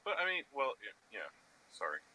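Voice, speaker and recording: Lively, very bright-voiced male co-host. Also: mid-range voice, moderate pace, poor audio. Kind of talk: casual banter.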